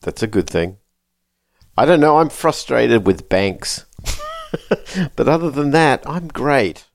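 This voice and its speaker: A man's voice: mid-range voice, wildly swooping pitch, slow pace, vocal fry, dry recording, studio quality. A man co-hosting a podcast in a casual chat, talking freely and laughing as he complains. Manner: chatty, laughs while complaining. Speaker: podcast co-host.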